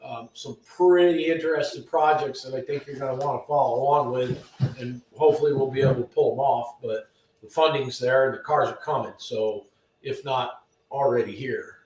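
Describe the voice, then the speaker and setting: A man's voice: mid-range voice, normal speed, a little mellow. A man hosting a casual live stream from his garage shop, reading viewer names aloud in an easygoing way. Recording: echoey shop from far off.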